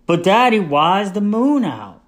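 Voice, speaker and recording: Brief: toddler boy, curious and insistent, high thin voice, put on by a man. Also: sing-song, moderate pace. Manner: repeating questions. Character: insistent curious two-year-old boy.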